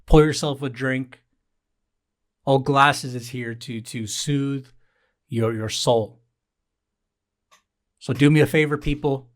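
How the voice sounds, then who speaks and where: A young man hosts his own show in a rambling solo monologue, sardonic and exasperated by turns. He swears freely and hammers the same line twice for effect. His voice sits in an ordinary middle pitch. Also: steady tone, slow, pauses often. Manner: sardonic, exasperated rants with mock-pleading asides; profane, repeats lines for emphasis. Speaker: podcast host.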